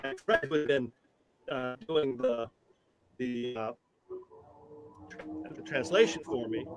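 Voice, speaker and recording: A man in his sixties, a tai chi teacher and interview guest, telling a story in an animated, halting way with frequent restarts. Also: mid-range voice, crowd noise.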